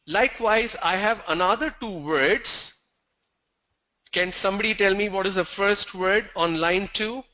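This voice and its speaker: A male teacher with a high, bright voice gives an online pronunciation lesson over a video call. He talks slowly and deliberately, stopping to ask the class questions and going back over key points. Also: rough recording.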